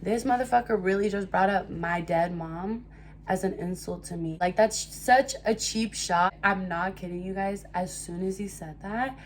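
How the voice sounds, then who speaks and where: A young woman telling a casual storytime to her viewers, animated and swearing freely. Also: mid-range voice, moderate pace, a little hiss or hum. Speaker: storytime vlogger.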